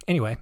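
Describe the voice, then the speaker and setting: A man's voice: extremely high pitch, fairly bright tone, breathy edge, no echo, studio quality. A man hosting a podcast, narrating casually with chatty, sarcastic asides. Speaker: podcast host.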